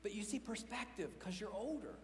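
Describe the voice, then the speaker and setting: A man's voice: sits high, sing-song, normal speed, in a large hall, a little hiss or hum. A middle-aged man preaching a sermon as pastor, telling stories with self-mocking humor and acting out quotes. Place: large church auditorium.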